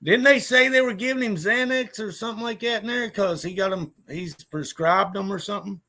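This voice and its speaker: A man's voice: high-pitched, brisk, bright, forceful tone. A man vlogging in casual chat, rambling, swearing freely and laughing often. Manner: profane, laughs a lot, rambling.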